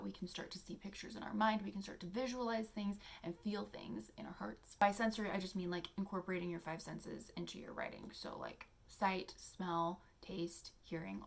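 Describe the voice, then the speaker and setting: A young adult woman hosting a casual teaching vlog, soft-spoken and chatty, with many fillers as she explains poetry exercises. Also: medium pitch, vocal fry. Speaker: poetry channel host.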